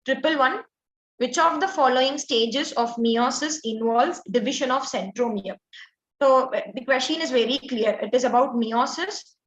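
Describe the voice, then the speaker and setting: A woman's voice: on the high side, a bit bright. A woman teacher walking through exam answers, explaining step by step with frequent "like" and "uh" fillers. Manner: explanatory, filler-heavy, says "like" and "uh" often. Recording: echoey dull lo-fi audio.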